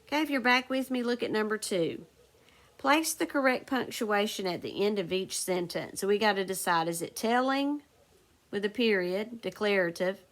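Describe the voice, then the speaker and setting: A woman teacher leading a recorded phonics lesson, dictating sentences slowly and spelling words out letter by letter. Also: medium pitch. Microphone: recorded for a video lesson.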